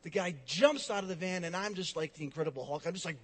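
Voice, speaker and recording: A man preaching a sermon with dynamic delivery, rising to loud emphasis and dropping to soft, hushed lines. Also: high voice, fast, few pauses, big-room sound. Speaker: pastor.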